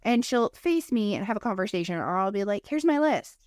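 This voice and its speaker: A woman's voice: mid-range voice, a little fast, dry recording, studio quality. A woman and mother co-hosting a podcast, chatting casually in a rambling way full of fillers. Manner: rambling, filler-heavy talk. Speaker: podcast co-host. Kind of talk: casual chat.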